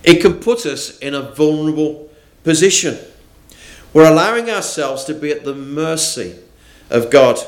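A man preaching a morning sermon, reading scripture and speaking with deliberate emphasis. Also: a little high, lively intonation. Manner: slow, deliberate, with rising and falling emphasis.

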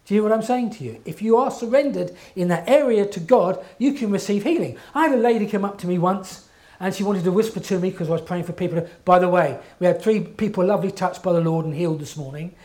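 A man's voice: high-pitched, fast, darkish tone. A man preaching a sermon in an earnest, emphatic way, often checking in with his listeners.

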